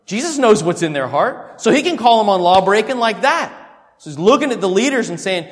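A man preaching a sermon through a scripture passage in a lively, conversational way, swinging between loud emphasis and quiet asides. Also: sits high, brisk. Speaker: pastor. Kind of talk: expository sermon. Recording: long hall reverb.

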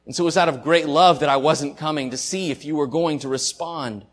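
A man preaching a sermon as pastor, speaking earnestly and from the heart, his voice swelling and falling in loudness. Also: fairly high pitch, fairly quick. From Southern United States.

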